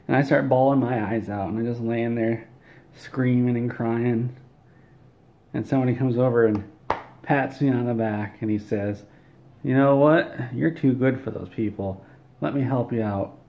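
A man spins an absurd comic tale in a flat, deadpan delivery and keeps tripping over his words and correcting himself. His voice sits at an ordinary middle pitch. The recording sounds dull and lo-fi. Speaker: comedic storyteller. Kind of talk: comedic monologue.

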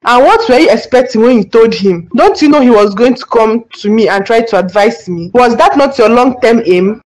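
A woman's voice: a little high, lively intonation, normal speed, a little mellow, close to an everyday voice, low-quality recording. Woman voicing a furious cartoon wife, insistent. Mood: accusing. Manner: accusing, insistent. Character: wife Emily confronting her absent husband. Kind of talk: cartoon dub acting.

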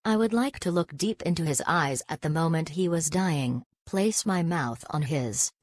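A woman's voice: low voice, lively intonation, normal speed, darkish tone. A woman playing a vicious, nihilistic killer being, cold and spiteful.

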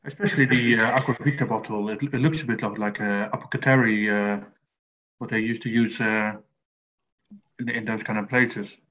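A man's voice: on the low side, fairly even intonation, moderate pace, fairly bright tone. A man with a Dutch accent hosts a virtual tasting over a video call, talking hesitantly with many fillers. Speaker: host. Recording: dull lo-fi video call audio.

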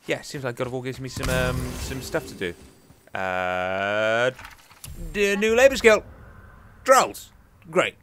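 Here a young gaming YouTuber talks to himself in chatty, jokey gameplay commentary as he plays. The pitch is medium but swings widely, the tone fairly bright, and he speaks slowly with frequent pauses over slight background noise.

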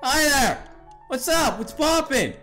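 A man's voice: extremely high pitch, animated, slow, bright, forceful tone, soft background music. A young man commentating a horror game, joking, swearing and laughing nervously. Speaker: gaming YouTuber.

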